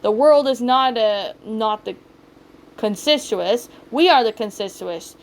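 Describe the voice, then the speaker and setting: Sadistic raccoon villain read by a woman, sneering rants, fairly high voice. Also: expressive, a little slow. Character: ruthless sadistic male raccoon businessman.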